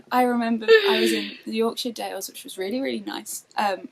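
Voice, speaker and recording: A woman hosting a knitting podcast, chatting casually and telling animated stories with frequent laughter. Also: a little high, moderate pace, creaky, slight background noise, low-quality recording. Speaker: podcast host. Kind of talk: casual chat.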